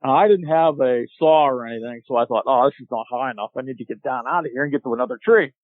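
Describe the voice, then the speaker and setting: A man guest on a podcast, telling a long hunting story in a casual, animated way and acting out what people said. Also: mid-range voice, fast talker, no room sound. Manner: animated storyteller, acts out shouted quotes. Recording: tinny phone-like line, dry.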